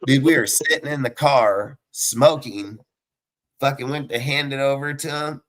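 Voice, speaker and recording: A young man telling a story in casual chat, swearing constantly and loudly acting out the sounds. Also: mid-range voice, a little slow. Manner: profane, animated, mimics sounds loudly. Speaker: podcast co-host.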